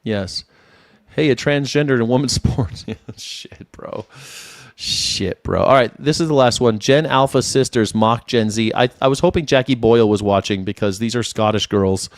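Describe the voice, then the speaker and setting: A man's voice: medium pitch, moderate pace, no echo. Man in his forties, casual livestream host, rambling and laughing, dry close sound. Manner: rambling, laughs often, repeats words. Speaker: independent news and culture commentator.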